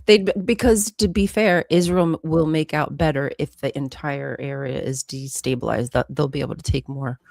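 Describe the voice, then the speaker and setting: A woman co-hosting a podcast, chatting casually about the news and rising in pitch and volume when she stresses a point. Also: moderate pace, creaky, hardly any pauses, dry recording. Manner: animated, swings up in pitch and loudness for emphasis. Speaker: podcast co-host. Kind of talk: casual political chat.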